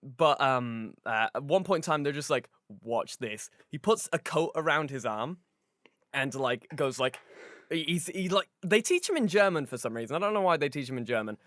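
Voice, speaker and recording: Man, casual podcast chat, bright voice, very animated pitch, dry close sound. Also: fairly quick, dry recording. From Europe. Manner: animated, swears freely, acts out quoted voices. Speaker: podcast co-host.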